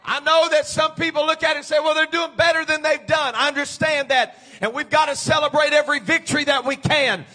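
High bright-voiced preacher guy, gets loud and fired up. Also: steady tone, brisk, hardly any pauses. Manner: builds from quiet teaching to shouted preaching. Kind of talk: sermon.

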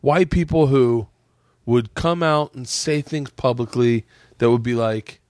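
A man's voice: medium pitch, a little slow, a little mellow, dry recording, clean studio sound. A man hosting a casual podcast chat, telling rambling stories, swearing freely and often restarting his sentences. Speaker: podcast host and comedian. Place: home podcast room.

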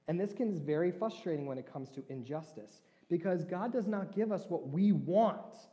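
A man's voice: mid-range voice, warm tone. A man preaching a sermon as a pastor, talking conversationally and putting questions to his listeners. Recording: long reverb of a large hall.

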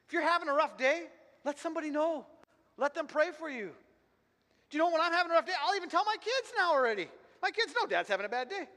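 A man with a very high, bright voice delivers a fervent sermon, repeating phrases and restarting as he drives each point home. His words ring out with a long reverb from a church hall. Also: expressive, fast. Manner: fervent, repetitive preaching with many restarts. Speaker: pastor.

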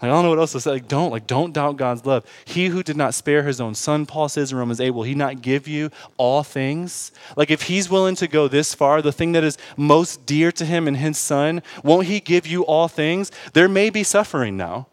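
A man preaching a sermon in a casual, conversational way, growing loud and lively as he gets stirred. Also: moderate pace, few pauses, dry recording. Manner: animated, rising loud and high when stirred, laughing at his own stories. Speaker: pastor.

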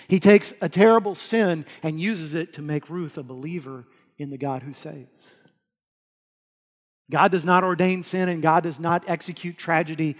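A male pastor giving an earnest sermon, swinging between loud urging and soft, hushed lines. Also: a little high. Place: church hall. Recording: long hall reverb.

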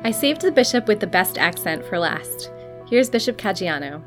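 A woman host at a middle pitch gives smooth scripted narration that introduces each guest. Soft music plays behind her. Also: big pitch swings, normal speed.

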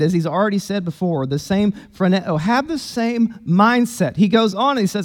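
A man's voice: sits high, fast talker, few pauses, long reverb tail. A man preaching a sermon as pastor, emphatic and conversational, in a church sanctuary.

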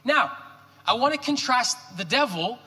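Male pastor, animated joking sermon delivery, bright tenor voice, church hall echo. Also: extremely high pitch, moderate pace. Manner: animated, joking preacher with rhetorical questions. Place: church sanctuary.

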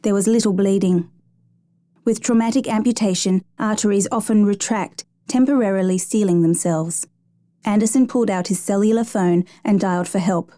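A woman narrating a true rescue story in a measured, even storytelling manner. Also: mid-range voice. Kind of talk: scripted narration.

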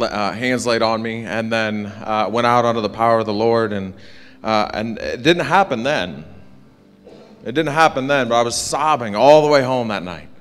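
A man's voice: on the low side, clear, resonant tone. A man pastor telling his personal testimony to a congregation, earnest and rambling, with many fillers and restarts.

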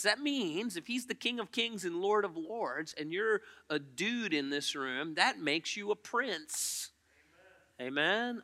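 A man preaches a sermon to his church in a high-pitched voice. His tone is crisp and very bright, almost piercing. He keeps it conversational, turning to the congregation with quick questions. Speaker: pastor. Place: church auditorium.

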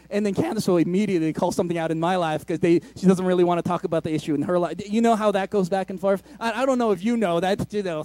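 A man's voice: high voice, a little mellow, no room sound. A middle-aged male pastor preaching a sermon, conversational and self-deprecating as he tells stories.

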